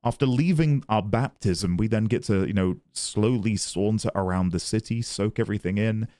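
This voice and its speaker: A man's voice: fairly low pitch, moderate pace, mellow, no echo. Chatty male game streamer. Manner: chatty, reads chat and game text aloud. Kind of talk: casual gaming commentary.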